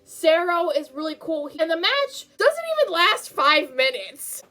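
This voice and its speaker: Gushing, high-voiced young woman. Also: a little slow. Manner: gushing, emotional, swings between hushed and excited. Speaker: anime reviewer. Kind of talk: casual review vlog.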